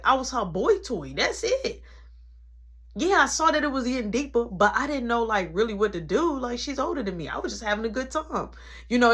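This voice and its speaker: A young man telling a personal story in a casual, animated way, acting out the people in it. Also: very high-pitched.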